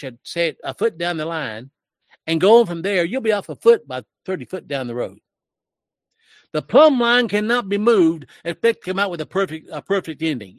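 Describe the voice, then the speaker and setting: A man's voice: high voice, no room sound, studio quality. An older man in his sixties giving emotional, preachy commentary in a sermon-like style, with his voice rising when he gets worked up.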